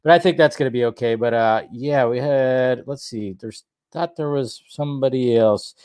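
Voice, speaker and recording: A man's voice: mid-range voice, moderate pace, darkish tone, clean tone. A young man hosting a casual live stream, chatting in a rambling way and talking straight to viewers in the chat. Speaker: host.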